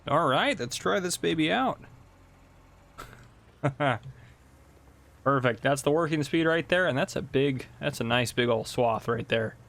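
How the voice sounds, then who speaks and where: A man's voice: on the high side, expressive, a little slow, gravelly, long pauses, a bit bright. A man casually commentating a farming game and telling police stories, chatty and laughing often. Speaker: gameplay host and police officer.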